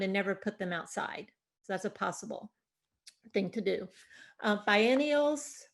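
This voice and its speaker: A woman presenting an online gardening workshop on a video call, explaining in a chatty, informal way with fillers. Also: medium pitch. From Delaware, USA.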